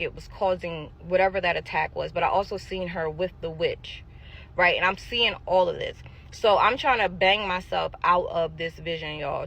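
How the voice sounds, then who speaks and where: A woman telling her own story in a casual storytime monologue, emphatic and animated, acting out what people said and talking straight to her listeners. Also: fairly low pitch, muffled recording. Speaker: storyteller sharing a personal testimony.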